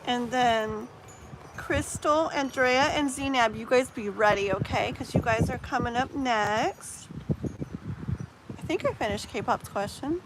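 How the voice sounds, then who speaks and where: A woman's voice: on the high side, unhurried, noisy background. Chatty woman tarot reader on a live stream. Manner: chatty and animated, rambling with fillers. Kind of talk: live-stream chat with viewers.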